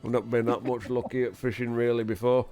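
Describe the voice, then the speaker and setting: A man's voice: medium pitch, flat delivery, fairly quick, dark tone, close to an everyday voice. A man voicing a chatty Yorkshire pig farmer who swears cheerfully and talks bluntly, over background music. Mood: cheery.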